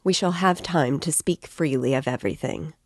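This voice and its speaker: A woman's voice: deep voice, normal speed, no echo, studio quality. A woman reading the lines of a brooding, feverish young man who speaks in abrupt, agitated bursts.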